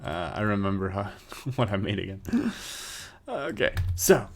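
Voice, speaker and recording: A man giving casual livestream commentary on his 3D animation work, talking in a rambling, halting way. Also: fairly low pitch, expressive, noisy background. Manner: rambling, halting, with many fillers and restarts.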